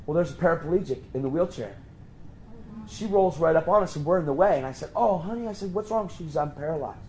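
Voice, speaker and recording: Animated preacher man telling a story. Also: fast talker, slight background noise, rough recording. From Pennsylvania. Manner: animated, acts out quoted voices with sudden high jumps. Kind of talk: storytelling sermon.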